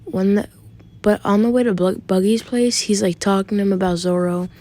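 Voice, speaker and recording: A woman's voice: medium pitch, steady tone, a little fast, a little mellow. A woman retelling a fan story off the cuff, rambling and casual, with occasional swearing. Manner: rambling, many fillers and restarts, occasional swearing.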